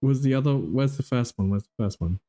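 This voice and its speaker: A man's voice: medium pitch, animated, a little fast, mellow, soft background music. A man hosting a casual livestream, telling exasperated, profane stories while reviewing game footage. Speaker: livestream host.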